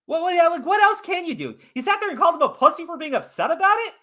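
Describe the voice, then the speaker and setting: Heated, lively-voiced man ranting. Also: very high voice, fast. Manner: profane, heated and emphatic. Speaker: podcast host. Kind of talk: ranting commentary.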